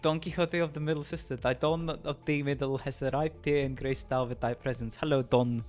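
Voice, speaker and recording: A man's voice: mid-range voice, steady tone, fairly quick, darkish tone, faint music behind. Jokey male streamer reading aloud. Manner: jokey, laughs often, chats with viewers.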